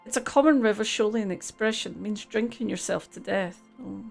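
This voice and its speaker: A woman's voice: medium pitch, fairly quick, gravelly, a little mellow, soft background music. A woman streaming a game live, chatting casually, laughing easily and reading the game's text aloud.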